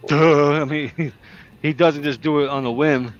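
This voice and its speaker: A man's voice: on the high side, steady tone, a little slow, dull audio, a little hiss or hum. A man chatting casually as a trucker streamer, telling stories with lots of laughter and acted-out quotes. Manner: jokey storyteller, laughs often, acts out quotes. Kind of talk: casual chat. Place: in a truck cab on the road.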